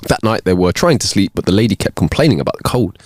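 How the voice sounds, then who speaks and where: A man's voice: low voice, lively intonation, fast talker, darkish tone, no room sound, clean studio sound. A man from Ireland co-hosting a podcast, telling jokes and laughing in casual chat. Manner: laughing, joking. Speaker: podcast co-host.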